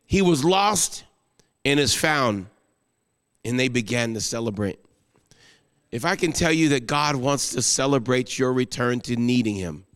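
A guest pastor preaching an emotional sermon, rising to exclamations and then falling soft into prayer. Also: male voice, medium pitch, expressive, a little slow, long pauses, clear, resonant tone, long reverb tail.

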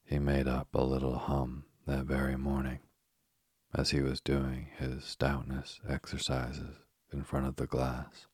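Very deep, slow man reading a storybook. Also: slightly rough, dry recording, studio quality. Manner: calm and unhurried. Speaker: narrator.

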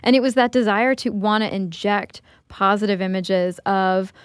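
A woman's voice: mid-range voice, moderate pace, smooth, dry recording, clean studio sound. A woman co-hosting a podcast, explaining events in an easy storytelling way. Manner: explanatory, tells facts in a storytelling way. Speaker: podcast co-host. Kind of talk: casual conversational podcast.

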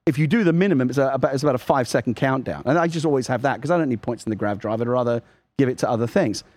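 A man co-hosting a video game podcast, telling animated stories in casual chat and acting out lines. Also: medium pitch, rapid-fire. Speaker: podcast co-host.

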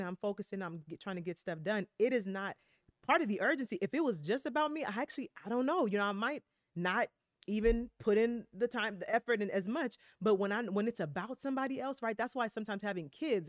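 A woman money coach talks things through as a podcast guest, thinking aloud with frequent pauses and restarts. Her voice sits at an ordinary pitch. The sound is dry and close. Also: no echo. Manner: reflective, hesitant, many fillers and restarts. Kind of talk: conversational podcast interview.

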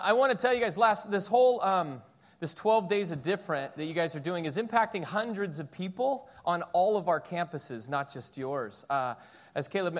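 A man in his thirties preaches a relaxed, conversational sermon from a church stage. His voice sits high and bright for a man, and he tells stories with easy, animated energy. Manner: chatty, storytelling, animated. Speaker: pastor. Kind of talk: casual sermon.

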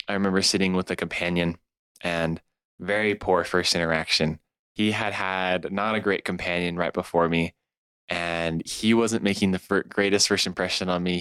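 A man's voice: low voice, a bit bright, smooth, dry recording. A man in his twenties from California, a podcast guest telling a personal story in conversation. He tells it with energy and acts out what other people said. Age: 20s.

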